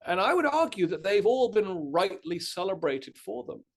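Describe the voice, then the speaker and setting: A man with a British accent giving a lively online history lecture with plenty of uh fillers. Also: high-pitched, normal speed. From Britain. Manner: animated, self-deprecating, frequent uh fillers. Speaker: guest lecturer, history professor. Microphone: video call.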